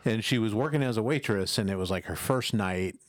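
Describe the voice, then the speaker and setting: A man's voice: fairly low pitch, brisk. A man casually telling a long anecdote on a podcast, rambling and acting out the people in it. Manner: rambling anecdotes with voiced impressions. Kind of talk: casual storytelling chat.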